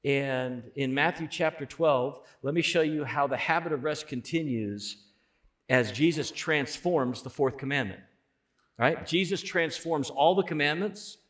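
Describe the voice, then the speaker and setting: A man preaching a sermon as pastor, conversational, swelling loud on key points. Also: fairly high pitch, unhurried.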